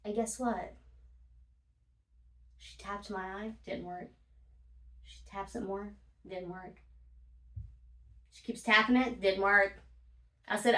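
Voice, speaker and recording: A woman's voice: medium pitch, fairly even intonation, slow pace, pauses often, sharp tone. A woman vlogger telling casual stories, blunt and profane, laughing often as she talks. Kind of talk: casual storytime monologue. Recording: roomy, from a distance.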